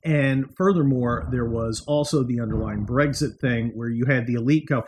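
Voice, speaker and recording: A middle-aged man talks through his podcast from a room at home, wry and sarcastic, slipping into mocking asides. His voice sits at an ordinary pitch, and a faint hiss of room noise runs underneath. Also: normal speed, few pauses, a little mellow. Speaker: podcast host. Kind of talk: casual political monologue.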